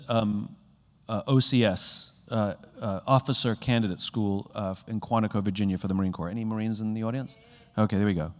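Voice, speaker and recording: Animated man giving a keynote in a reverberant hall. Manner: animated, acts out conversations with sudden jumps in pitch. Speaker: keynote speaker. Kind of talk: motivational keynote talk. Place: conference hall with a live audience.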